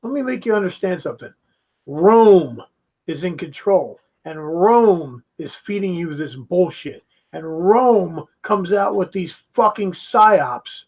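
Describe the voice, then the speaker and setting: A man's voice: high-pitched, animated, slow, darkish tone, breathy edge, rough recording. A man giving a heated, profane reaction commentary, mocking the video he is watching.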